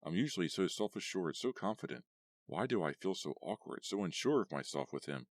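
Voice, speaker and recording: A cocky young female vampire with a sharp, mocking tongue, voiced by a man in an audiobook. Her lines come out very low and deep, with a dry, close sound and no room around them. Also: expressive, fairly quick, dry recording. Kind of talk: audiobook character voice.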